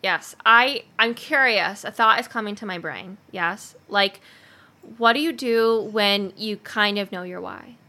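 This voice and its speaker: A woman hosting a casual podcast chat, animated and chatty, with lots of likes and ums. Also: medium pitch, unhurried. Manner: chatty and animated, many fillers. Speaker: podcast host.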